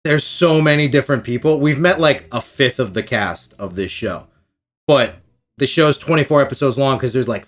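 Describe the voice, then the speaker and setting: Casual, profane male podcast co-host. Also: mid-range voice. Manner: rambling, profane, acts out quoted lines. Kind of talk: casual chat.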